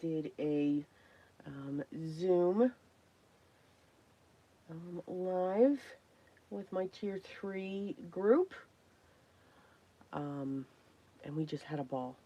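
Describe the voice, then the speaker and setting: Hoarse woman slowly chatting on a craft livestream. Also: on the low side, dark tone, dull audio. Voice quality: frequent throat clearing and coughs. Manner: chatty, greets viewers by name. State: hoarse, worn voice. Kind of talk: casual livestream chat.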